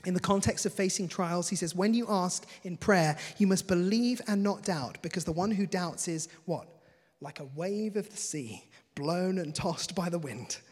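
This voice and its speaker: A man's voice: sits high, moderate pace, long reverb tail. A man preaching a sermon in an earnest, conversational way, often breaking into light laughter between points.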